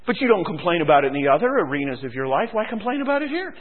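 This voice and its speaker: A man's voice: high voice, very animated, rapid-fire, hardly any pauses. A man preaching a sermon as pastor, sarcastic and emphatic, mocking his listeners. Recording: tinny phone-like recording.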